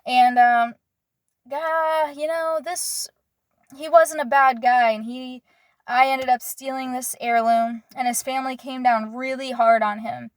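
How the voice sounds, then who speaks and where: A young woman with a slightly high voice shares a personal story in a confessional way. She is earnest and halting, stopping often to search for her words. The sound is close and dry, with no room behind it. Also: steady tone, no room sound.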